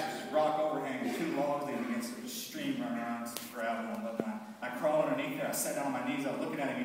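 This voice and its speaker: A man telling his own war story to a live audience in a halting, heavy way, often stopping and repeating words. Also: mid-range voice. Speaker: speaker recounting his war experience to an audience. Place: large hall with an audience. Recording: echoey hall, mic far off, faint background hiss.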